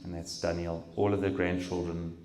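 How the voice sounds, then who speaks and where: A middle-aged man giving an emotional personal testimony at a talk, speaking haltingly with pauses and restarts. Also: deep voice, flat delivery, darkish tone. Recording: roomy hall echo.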